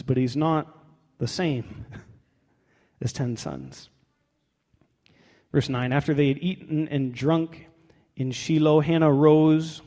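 A man's voice: fairly high pitch, darkish tone. A man pastor preaching a sermon in a conversational, wry way, reading scripture aloud in a church. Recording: long hall reverb.

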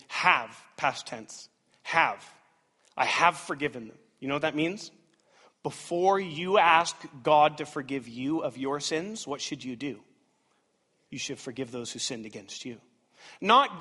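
A man in his thirties preaching a sermon as pastor, animated and dramatic, swinging between loud outbursts and hushed asides. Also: fairly high pitch, measured pace, slightly rough. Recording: reverberant church hall.

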